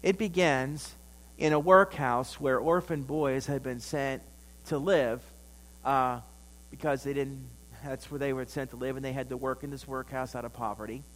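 A man's voice: medium pitch, steady tone, moderate pace. A male pastor delivering a sermon in a church, telling a story and then building to emphatic peaks. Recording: long hall reverb.

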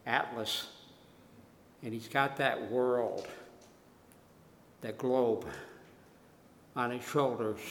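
A man preaching a slow, unhurried sermon. He drops his voice low and soft, then swells louder as he tells his story. The sound comes from a roomy church hall with a long reverb. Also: slight background noise. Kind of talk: sermon testimony.

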